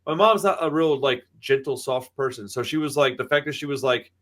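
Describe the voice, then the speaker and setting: A man's voice: medium pitch, fairly quick, fairly bright tone. A man in his thirties, a podcast co-host, chatting casually and telling stories with lots of swearing, acting out the people he quotes. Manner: profane storytelling, acts out quoted voices. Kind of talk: casual chat.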